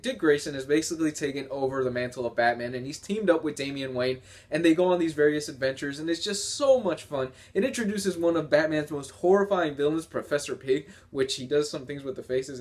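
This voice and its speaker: A man's voice: fairly high pitch, a little mellow. Enthusiastic man chatting about comics. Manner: enthusiastic, laughs often, rambling. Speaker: comic book reviewer. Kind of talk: casual video review.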